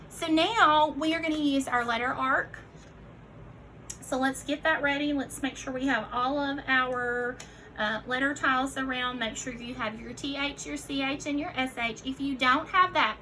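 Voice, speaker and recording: Slow, bright-voiced woman teaching phonics. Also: high-pitched, a little hiss or hum, low-quality recording. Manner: slow, clearly enunciated prompts; encouraging, addresses listeners as friends. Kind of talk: recorded phonics lesson for children.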